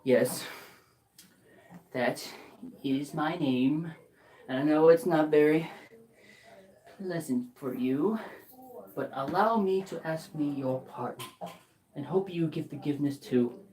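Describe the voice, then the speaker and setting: A woman's voice: low voice, takes it slowly, long pauses, mellow, pitched below the performer's own voice. A woman voicing old Scrooge on a joyful morning, stammering with glee in a live storytelling. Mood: humble. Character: old male miser, newly giddy and kind.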